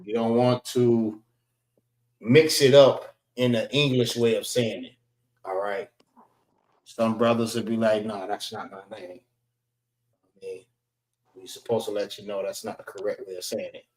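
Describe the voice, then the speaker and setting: A man teaching a class, slowly sounding out letters one by one and repeating himself. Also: on the low side, little pitch movement, darkish tone, echoey room, low-quality recording. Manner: slow, repetitive, spells out sounds one by one. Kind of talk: classroom language lesson. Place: library meeting room.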